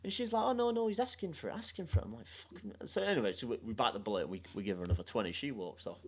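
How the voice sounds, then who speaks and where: A young man hosting a podcast, telling a story in a sweary, animated way and laughing along. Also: mid-range voice, racing, breathy edge. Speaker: podcast host. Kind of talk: casual storytelling chat.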